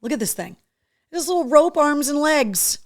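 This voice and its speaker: A woman hosting a casual live show, chatty and excitable, talking to her dog between opening gifts from fans. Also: high voice, moderate pace, no room sound, clean studio sound. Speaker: host.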